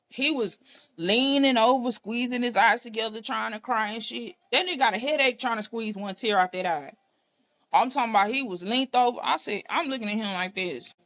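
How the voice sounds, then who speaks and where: A woman from Texas, a podcast guest, telling her own story in a blunt, profane, animated way and acting out the dialogue. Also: fairly low pitch. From Texas, USA. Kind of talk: casual storytelling.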